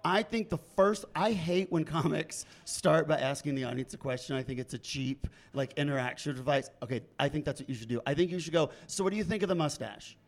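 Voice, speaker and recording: A man judging a comedian's set, giving playful, teasing notes with quick asides. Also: on the high side. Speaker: comedy judge. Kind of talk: lively critique of a comedian.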